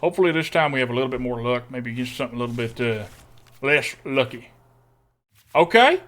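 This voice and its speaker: Streaming a card game, this young man from Texas talks in a mid-range, animated, fairly quick and slightly bright voice. He reasons out loud, mumbling and humming while he considers every move.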